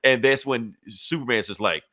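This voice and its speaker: A man's voice: medium pitch, bright, forceful tone, dry recording. A man hosting a comic book podcast, chatting loosely and swearing as he retells events. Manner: loose, profane storytelling with quick acted-out quotes. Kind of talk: casual chat.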